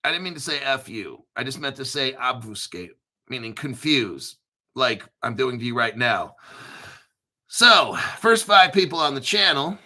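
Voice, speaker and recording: Foul-mouthed ranting crypto host, bright voice. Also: male voice, medium pitch, lively intonation, a little slow. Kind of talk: profane livestream rant.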